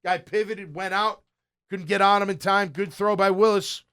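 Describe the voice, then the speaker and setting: A middle-aged man with a fairly high voice talks through game film as a casual play-by-play. He is excitable and blunt, with loud bursts of praise and quiet muttered asides. He sounds like a sports show host chatting. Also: normal speed, smooth.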